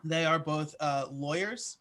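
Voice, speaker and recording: A man's voice: fairly high pitch, a little slow, a bit bright. A man answering interview questions in a casual, chatty way, with plenty of "uh" and "like" fillers. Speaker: podcaster guest.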